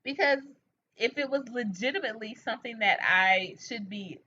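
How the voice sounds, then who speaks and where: A woman hosts a late-night livestream from home, talking openly and answering her viewers' comments one after another. Her voice is bright and forward. The webcam audio sounds dull and lo-fi. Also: on the high side, normal speed. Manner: animated, frank, reads out and answers viewer comments. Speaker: livestream host. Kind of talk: casual chat with viewers. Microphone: webcam or phone mic.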